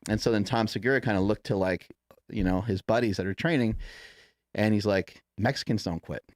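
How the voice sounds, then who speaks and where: Low-voiced man telling a profane story. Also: brisk, no room sound, studio quality. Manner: profane, rambling, acts out quotes with laughs. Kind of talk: casual storytelling chat.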